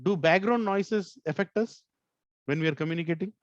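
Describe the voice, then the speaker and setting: A man's voice: high-pitched, moderate pace, no echo, highs cut off. A male corporate trainer teaching an online session, often checking in with "right?" and stressing words to make his points. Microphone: video call.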